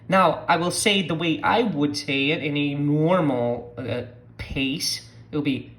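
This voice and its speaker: A Portuguese speaker from Brazil, teaching a slow language lesson and patiently repeating words for learners to copy. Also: mid-range voice, animated, a bit bright.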